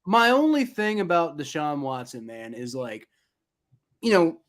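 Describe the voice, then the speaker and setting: A man chatting casually on a sports podcast, his voice sitting a little high. He rambles, circling back with fillers and restarts as he builds his point. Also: sing-song, unhurried. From Ohio. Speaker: podcast co-host.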